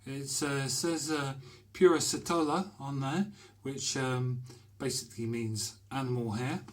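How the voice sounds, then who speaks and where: A man chatting to camera from a small bathroom, his delivery easygoing and full of pauses and fillers. His voice sits in an ordinary middle pitch. He sounds like someone filming himself at home. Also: steady tone. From Britain. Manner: chatty, hesitant with many fillers. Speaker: shaving vlogger. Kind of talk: casual talk to camera.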